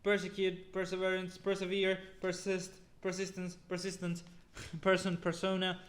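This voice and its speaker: A man's voice: high voice, monotone, normal speed. A man reading a long list of words aloud one after another, often stumbling, restarting and repeating them, sounding weary from the long reading. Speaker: YouTuber.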